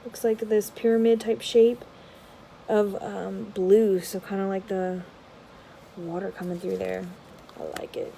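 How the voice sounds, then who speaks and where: A woman vlogger giving casual unboxing commentary, rambling with many filler words and dropping into soft, half-murmured asides. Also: medium pitch, little pitch movement, measured pace, vocal fry, a little hiss or hum, poor audio. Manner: drops to a soft whisper at times. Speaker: tarot vlogger.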